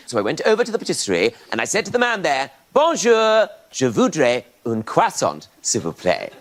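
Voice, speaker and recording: A man with an English accent doing a wry stand-up routine on a comedy panel show. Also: medium pitch. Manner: wry storytelling with put-on voices. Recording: loud noisy TV studio recording.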